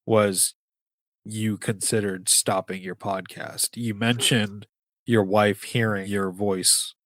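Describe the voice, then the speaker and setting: A podcast host, a man with a lowish voice, asking questions slowly and carefully. The recording is close and dry, with no room sound. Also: no echo. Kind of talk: interview questions.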